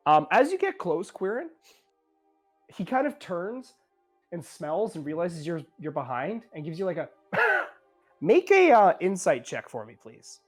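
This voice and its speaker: A game master talks players through a tabletop game scene in a loose, rambling way, stopping to correct themself and adding "like" and "um" throughout. Their pitch sits mid-range. Faint music plays in the background. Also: sing-song, a little slow. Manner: casual, rambling, many fillers and self-corrections.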